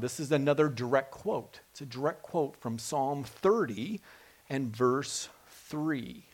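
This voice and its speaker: A man preaching a sermon, animated and dramatic as he voices scripture quotes. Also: medium pitch, unhurried.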